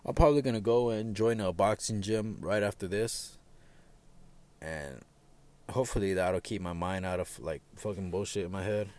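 A young man talking casually on his own podcast from his parked truck, frank and profane, stumbling over fillers and restarts and getting loud and heated when he rants. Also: low voice, moderate pace. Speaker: podcast host. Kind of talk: casual solo venting podcast.

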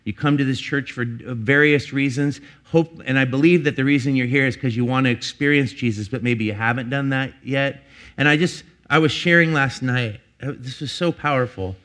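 A man's voice: mid-range voice, moderate pace, fairly bright tone. Pastor, middle-aged man, mid-range voice; confessional sermon delivered like a personal story, loose and conversational with restarts. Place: church.

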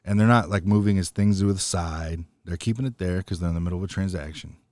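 A man in casual podcast chat, telling a story with lively quoted dialogue and plenty of swearing. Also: sits low, quick pace, no echo. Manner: animated storytelling, acts out quotes, swears freely.

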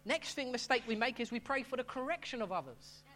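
A man's voice: very high-pitched, lively intonation, a little fast, bright, forceful tone. A middle-aged man preaching a sermon as pastor, talking in a conversational way and often restarting his phrases.

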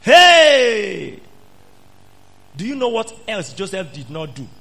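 A man's voice: high voice, very animated, fairly quick, slightly rough. A man preaching an emphatic sermon, repeating phrases and questioning the congregation. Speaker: pastor.

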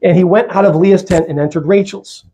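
A male pastor preaching a sermon in a church, lively and conversational, with jokey asides. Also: high-pitched, fairly quick.

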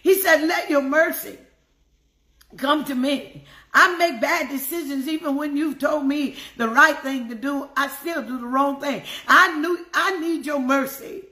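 A woman's voice: sits high, unhurried, pushed and bright, roomy sound. A woman leading a devotional sermon, fervently praying aloud and repeating her phrases. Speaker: devotional teacher. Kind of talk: prayerful sermon on scripture.

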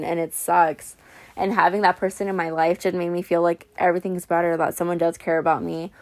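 A young woman vlogging heartfelt advice about letting go after a breakup, earnest and repetitive, calling the listener honey. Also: on the low side. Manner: earnest, repeats phrases for emphasis, calls listener honey. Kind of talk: emotional pep talk to camera.

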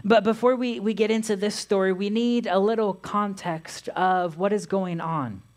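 A woman pastor giving a sermon, reading scripture aloud in a measured way. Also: medium pitch, steady tone, a little mellow.

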